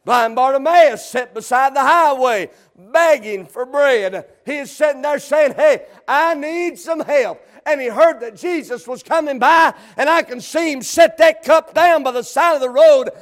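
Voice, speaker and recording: Preacher, middle-aged man, very high voice, fervent shouted cadence. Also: moderate pace, hardly any pauses. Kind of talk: sermon.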